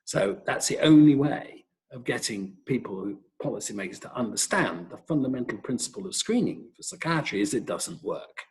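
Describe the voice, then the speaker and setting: A middle-aged man with a British accent, an epidemiologist giving a webinar talk and telling wry, lively anecdotes. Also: medium pitch, moderate pace, rough recording. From Britain. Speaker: professor, epidemiologist.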